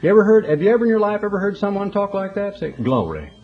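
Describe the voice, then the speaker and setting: A man's voice: high-pitched, steady tone, very fast, narrow, tinny audio. Folksy storytelling male preacher. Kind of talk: broadcast sermon.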